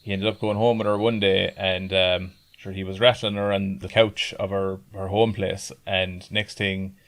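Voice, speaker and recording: A man's voice: low voice, level tone, normal speed, fairly bright tone. An Irish man telling a rambling story in casual chat, swearing often and laughing along as he goes. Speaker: podcast guest.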